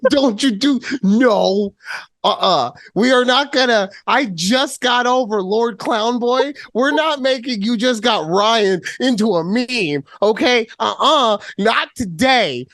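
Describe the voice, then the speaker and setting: A man co-hosting a casual podcast chat over a remote call, talking in an animated, playful way and swearing often. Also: very high-pitched, slow, no room sound, clean studio sound. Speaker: podcast co-host.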